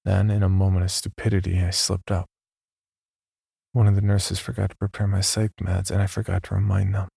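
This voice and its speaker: A man narrating a first-person horror story in a slow, measured, scripted delivery. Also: completely flat delivery, dark tone, dry recording, clean studio sound. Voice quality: deep gravelly voice.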